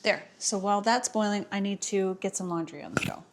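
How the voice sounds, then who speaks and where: In a brisk, medium-pitched voice, a woman vlogs from home, indoors and in the yard, chatting casually as she cleans. The housewife rambles and teases herself, captured with a camera mic.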